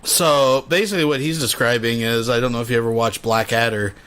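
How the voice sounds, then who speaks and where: A man's voice: medium pitch, brisk, clear, resonant tone. Chill guy talking over clips on his stream, casual and explaining stuff, regular voice. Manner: relaxed, explanatory, chatty. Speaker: stream host reacting to clips. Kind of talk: casual reaction commentary.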